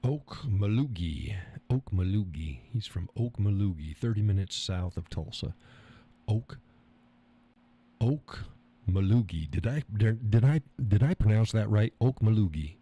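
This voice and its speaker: A husky, warm, fairly low male voice, animated but a little slow, belongs to a middle-aged livestream host. He goes through chat comments, chatting away, laughing frequently and making salty jokes.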